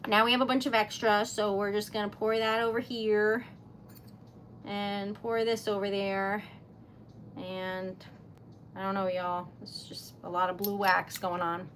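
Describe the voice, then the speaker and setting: A young woman hosts a livestream making wax seal stickers, giggly and self-deprecating as she chats and excitedly gushes about her creations. Her mid-range voice moves a little slowly, and there's a little hiss or hum.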